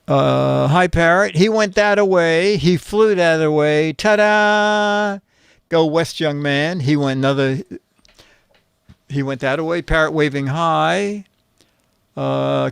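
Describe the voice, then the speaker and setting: A man with a slightly high, smooth, clear voice reads captions at a slow, easy pace. He delivers dry little jokes one after another. The sound is dry and close, with no room echo. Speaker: show host reading photo captions. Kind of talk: casual comedic chat.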